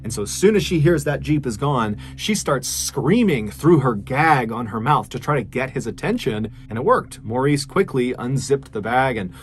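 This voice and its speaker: A man hosts a storytelling podcast, recounting a dark true crime case. He keeps a loose, conversational tone that turns lightly dramatic, in a mid-pitched voice. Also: expressive, normal speed, hardly any pauses, faint music behind. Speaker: storyteller host.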